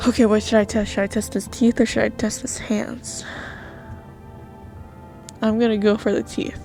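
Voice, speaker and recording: A woman's voice: mid-range voice, flat delivery, moderate pace, gravelly, mellow, faint music behind. A woman gamer giving nervous, jumpy commentary while playing a horror game, talking to herself.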